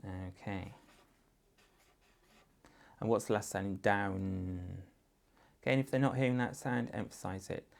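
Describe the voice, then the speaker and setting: A man's voice: fairly low pitch, fairly even intonation, a little slow, vocal fry, long pauses. A man with an English accent, a teacher patiently walking parents through a phonics writing exercise step by step. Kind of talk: instructional guidance for parents.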